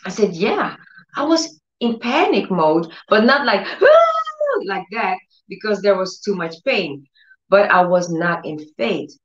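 A woman's voice: mid-range voice, a bit bright. A woman teaching on faith and healing with passion, acting out the voices of doubters and repeating phrases for emphasis. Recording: roomy, slightly dull audio.

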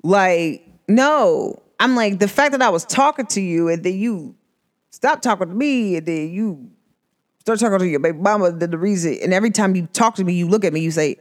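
A woman's voice: fairly low pitch, moderate pace. A young woman chatting casually and animatedly, telling a personal story with slang and acted-out voices. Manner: animated, expressive, slangy, acts out voices in her stories.

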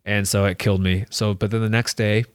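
Speaking a little fast in a fairly low, level, smooth voice, this young man, a soccer player, recounts something that happened to him in relaxed conversation. The recording is dry, and his telling wanders, packed with "like" and acted-out quotes.

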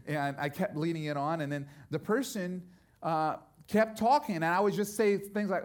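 A middle-aged man preaching, his voice sitting on the higher side for a man. He tells stories and drops to near-quiet before building to loud, emphatic peaks. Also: normal speed. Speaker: pastor. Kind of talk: sermon.

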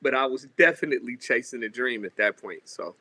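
A man in his thirties from Seattle, a musician telling stories in a casual interview, lively and acting out quotes. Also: medium pitch, a little fast. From Seattle, USA. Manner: animated storyteller, acts out quotes, says "you know what I mean" a lot. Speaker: musician guest.

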